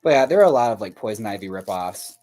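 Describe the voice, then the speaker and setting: A man's voice: on the low side, lively intonation, fast talker, darkish tone. Chatty, foul-mouthed man crafting live. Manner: chatty, profane and laughing often; rambling, searches memory aloud. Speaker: livestream host painting dolls. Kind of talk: casual chat with viewers while crafting.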